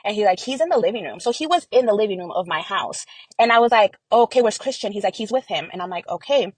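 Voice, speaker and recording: A woman's voice: medium pitch, animated, fast, slightly rough, dry recording, low-quality recording. A young woman recounts family events to an interviewer in an earnest, rambling way, acting out what others said. Her voice sits mid-range and is recorded close and dry. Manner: earnest storytelling with many fillers and quoted dialogue. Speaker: interview guest. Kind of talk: personal testimony in an interview.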